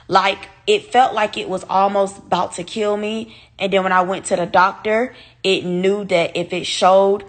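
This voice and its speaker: A young woman, telling her viewers a story in a casual, animated, profane way. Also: mid-range voice. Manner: animated, profane, talks straight to her audience. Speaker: vlogger.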